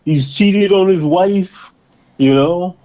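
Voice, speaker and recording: A man hosting a casual political chat show, talking in an animated way and stretching out words for emphasis. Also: sits high. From Boston area. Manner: animated, drawn-out emphatic delivery. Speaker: podcast host. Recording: slightly dull lo-fi sound.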